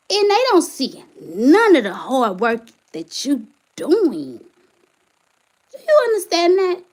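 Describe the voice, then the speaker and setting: A woman on a live stream vents with passion, her high voice leaping up and down as she hammers one rhetorical question after another. Between outbursts she reads viewer comments aloud. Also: darkish tone. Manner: impassioned, repeated rhetorical questions. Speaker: channel host, single mother. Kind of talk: emotional livestream venting.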